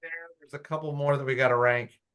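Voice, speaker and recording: A man on a town committee arguing his point in a meeting, animated and blunt, with frequent restarts. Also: mid-range voice, fast. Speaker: committee member. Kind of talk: meeting discussion.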